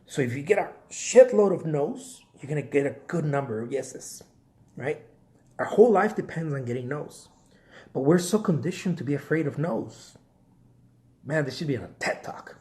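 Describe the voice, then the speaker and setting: A man's voice: a little high, moderate pace. A man, a painter, giving casual motivational career advice to viewers, repeating himself and often asking "right?". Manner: animated, repeats phrases, asks "right?" often. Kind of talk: casual motivational live talk.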